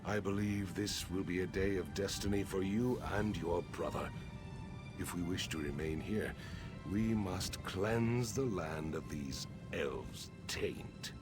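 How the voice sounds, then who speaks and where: An actor playing a proud older desert king and father, giving grand, slow speeches in a video game. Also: low voice. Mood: solemn. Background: game music.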